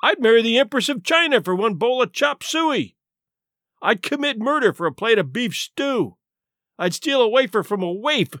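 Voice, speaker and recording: Male reader as gruff ex-cop captain, blunt and loud, storybook. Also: high voice, big pitch swings, normal speed, no echo, clean studio sound. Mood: brash. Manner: blunt, brash, harsh. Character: gruff, hungry ex-police captain, middle-aged man.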